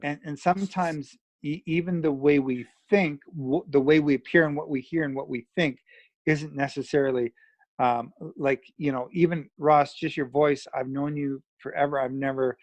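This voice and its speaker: A man's voice: a little high, steady tone, moderate pace, no room sound. A man from Canada co-hosting a casual chat in an easygoing, reflective way. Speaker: podcast co-host.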